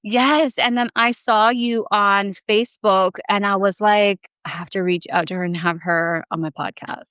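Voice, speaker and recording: A woman in her thirties, a podcast guest, telling a personal story in casual chat, animated and emotional, with lots of fillers. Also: mid-range voice, normal speed, smooth, dry recording.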